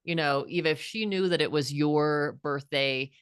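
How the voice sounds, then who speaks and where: A woman's voice: low-pitched, normal speed, clear, resonant tone, dry recording, studio quality. A woman in her fifties, a guest author, telling a personal story in an earnest, reflective way with frequent restarts. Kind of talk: heartfelt storytelling.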